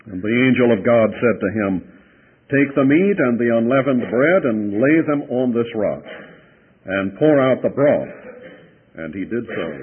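A man preaching an expository sermon, reading Scripture aloud in a measured way and stopping to comment on words in the text. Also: medium pitch, slightly rough. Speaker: Bible teacher. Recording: tinny old radio broadcast.

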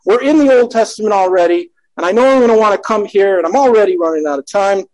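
High-voiced man teaching a Bible study. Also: fast, darkish tone, rough recording. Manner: conversational, self-correcting, reads scripture aloud.

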